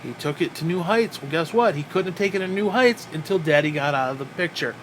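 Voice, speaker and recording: A man's voice: a little high, animated, fast talker, a bit bright, slight background noise. A man ranting in a wrestling review, profane and exasperated, with frequent sighs.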